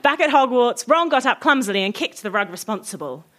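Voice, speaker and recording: Woman reader for a spoof story, giggly and playful, high voice. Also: animated, fairly quick, a bit bright. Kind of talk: comic reading of a parody story.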